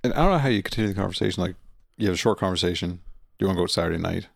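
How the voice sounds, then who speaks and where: A man co-hosting a podcast, chiming in with short agreeing replies and quick asides in casual chat. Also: low-pitched, lively intonation, vocal fry, dry recording, studio quality. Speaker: podcast co-host.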